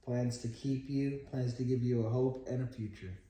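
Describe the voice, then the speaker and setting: Man in a faith podcast, mid-pitch voice, short affirming lines, roomy sound. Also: steady tone, normal speed, a loud crowd. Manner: brief affirming interjections, quoting scripture. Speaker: podcast co-host. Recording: echoey room.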